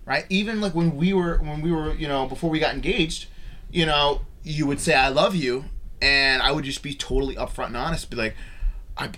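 A man's voice: on the high side, fairly even intonation, brisk, bright, forceful tone. A man hosting a casual podcast chat, talking earnestly about faith and healing. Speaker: podcast host.

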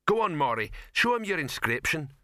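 A man voicing a dim, friendly male troll actor in an audiobook, talking in a slow plodding way. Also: on the high side, big pitch swings, bright, forceful tone, no echo, studio quality, voice pushed up. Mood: chatty.

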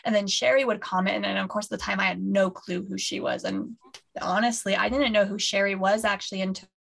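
A woman's voice: mid-range voice, steady tone, a little fast, gravelly, fairly bright tone, slightly rough. A woman co-hosting a fan podcast in casual chat, gushing and rambling with many restarts over a remote call. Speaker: podcast co-host.

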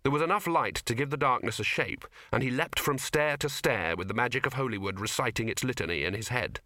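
A man reading an audiobook as narrator, in a measured, dry storytelling manner. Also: medium pitch, pushed and bright, no room sound. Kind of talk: scripted narration.

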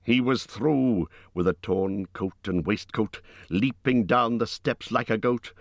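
With a lowish voice, a man narrates an audiobook in a measured, expressively storytelling fashion, and the audio has no room sound.

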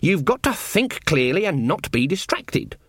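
A man's voice: on the high side, sing-song, measured pace, fairly bright tone, husky, no room sound, pitched above the performer's own voice, full character voice. A man voicing a stern, proud old woman witch in an audiobook, curt and firm. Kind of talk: audiobook reading.

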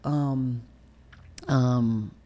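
A middle-aged woman being interviewed, recounting painful personal memories in a candid, emotional and halting way. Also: extremely low pitch, fairly even intonation, mellow. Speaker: interview guest.

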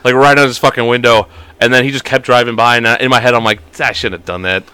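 A man's voice: medium pitch, level tone, fast talker, sharp tone, smooth, no room sound. A young man hosting a podcast, telling stories in casual chat, swearing freely and laughing often. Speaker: podcast host.

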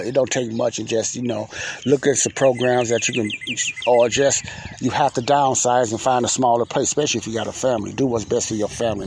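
A man talking on his own podcast in a folksy, preacherly manner, circling back and repeating phrases to drive a point home. His voice sits in an ordinary middle pitch, and a faint hiss of noise runs under the recording. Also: vocal fry. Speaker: podcast host. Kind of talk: casual faith-based advice monologue.

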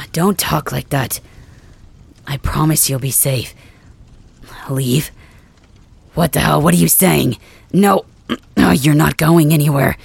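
In an ASMR role-play, a performer plays a young dragon king who is wounded and stubborn, gruff and curt and cursing through his pain. The voice is mid-range and exaggerated, with no echo.

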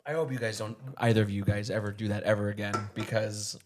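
A man co-hosting a casual podcast, animated, laughing often, swearing and saying "like" a lot. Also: fairly low pitch, fast, background noise. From Arizona. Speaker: podcast co-host. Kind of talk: casual chat.

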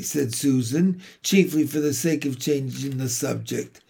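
Slow, gravelly man reading a story aloud. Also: warm tone. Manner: reads slowly, raising his pitch for the children's lines. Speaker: audiobook reader. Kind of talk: amateur read-aloud narration.

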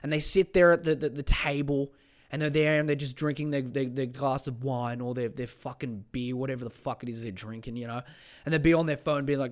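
A man's voice: medium pitch, fairly even intonation, normal speed. Sweary man ranting. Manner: sweary, exasperated, rambling. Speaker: podcast host. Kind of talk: casual rant.

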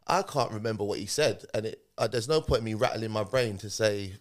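A man's voice: lowish voice, fairly quick. A man, a podcast guest telling a personal story in conversation, animatedly acting out what people said. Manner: animated retelling, acting out quoted speech.

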